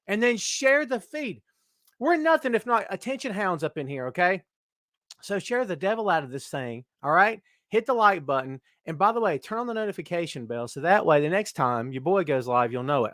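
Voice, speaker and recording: A middle-aged man with a high-pitched voice hosts a casual live stream. He keeps up loud, joking, self-mocking banter as he greets viewers by name. The sound is dry and close, with no room echo. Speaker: host.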